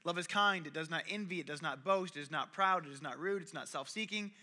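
A man's voice: fairly high pitch, fast talker, bright, forceful tone. A young man giving a conversational sermon, telling stories and acting out the people in them. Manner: conversational and storytelling, acts out quoted voices. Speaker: preacher.

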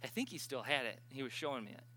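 A man preaching at a healing service, telling stories with sudden bursts of excitement. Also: medium pitch, fast talker, slight background noise. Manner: animated storyteller, bursts of excitement. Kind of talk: sermon.

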